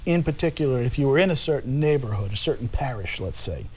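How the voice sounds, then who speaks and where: A man's voice: medium pitch, animated, fast talker, a little mellow, slightly rough. A man from New Jersey hosting an interview, chatting enthusiastically in long, meandering sentences. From New Jersey, USA. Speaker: interviewer, host. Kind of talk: casual interview chat.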